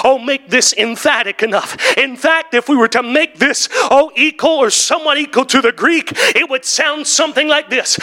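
A man preaching a sermon in church, building to shouts and drawn-out, emphatic phrases broken by "oh" and "hallelujah". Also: very high voice. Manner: drawn-out emphatic delivery with interjected "oh" and "woo, hallelujah". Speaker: pastor.

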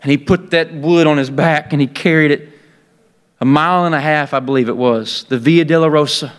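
A man preaching an impassioned sermon, fervent and full of repeated restarts, building up to shouts. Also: on the high side, a little fast, smooth.

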